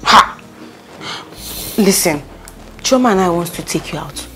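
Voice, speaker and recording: An actress playing a loyal, bossy best friend with a Nigerian accent in a film drama, talking insistently and repeating herself. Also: female voice, lowish voice, lively intonation, measured pace, a bit bright, faint music behind. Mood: reassuring. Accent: Nigerian, with Pidgin English. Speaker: consoling friend.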